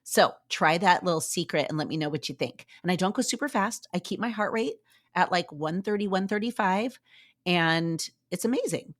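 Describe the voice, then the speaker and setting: A woman's voice: fairly low pitch, expressive, moderate pace. A woman hosting a motivational fitness podcast, talking in an upbeat, chatty, cheerleading way and laughing often. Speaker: podcast host.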